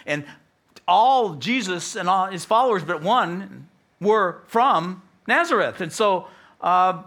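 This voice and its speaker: An American pastor preaches with animated storytelling, acting out the voices of the people in the story. His voice sits a bit high and swings widely in pitch, with a bright, forceful edge. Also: takes it slowly. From United States. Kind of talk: sermon.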